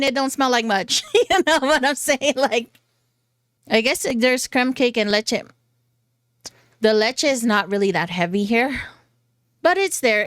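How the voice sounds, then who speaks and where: A woman's voice: a little high, a bit bright, no echo, clean studio sound. A woman vlogger chatting casually through a fragrance haul, giggly and chatty with goofy asides. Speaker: beauty vlogger.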